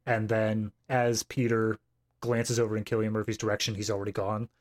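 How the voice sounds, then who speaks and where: A man's voice: lowish voice, little pitch movement, moderate pace, darkish tone. A man co-hosting a film podcast, talking casually with dry humour. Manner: wry, dry jokes. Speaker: podcast co-host. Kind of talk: casual film review chat.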